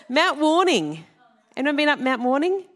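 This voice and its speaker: The congregation hears a chatty, playful address from a middle-aged Australian Salvation Army minister with a fairly high voice. She fires questions at the room and laughs as she moves from one story to the next.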